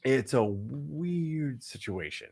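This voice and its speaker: A man's voice: medium pitch, sing-song, slow pace, creaky, a little mellow, breathy edge. A man co-hosting a casual podcast chat, digressive and profane, often laughing. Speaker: co-host.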